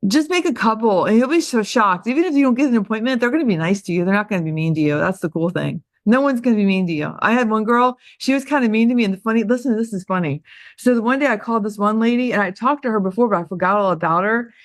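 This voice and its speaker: A woman's voice: a little high, fast talker, no room sound. Older woman host, talkative and self-deprecating, everyday register, dry close recording. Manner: chatty, self-deprecating, laughs at herself. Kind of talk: casual motivational talk on a group call.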